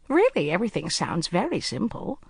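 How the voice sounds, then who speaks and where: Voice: medium pitch, huge pitch swings, a little fast, vocal fry, breathy edge, no echo, voice pushed up, heavily acted. A narrator voicing a polite, genteel older woman who spies on the side, in an audiobook. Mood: mild. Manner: polite, mild, proper. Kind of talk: audiobook character voice.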